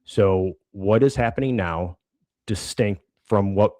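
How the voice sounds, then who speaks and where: Podcast co-host, man, very low voice, casual and stumbling, dry studio sound. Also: a little mellow, no room sound. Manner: halting, many restarts and fillers. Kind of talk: casual conversational explanation.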